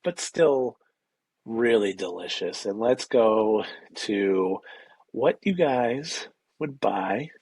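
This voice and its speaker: A man's voice: on the low side, animated, drawn-out words, a little mellow, breathy edge, low-quality recording. A man co-hosting a podcast, chatting casually in an easygoing, agreeable way and moving the show along. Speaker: podcast co-host.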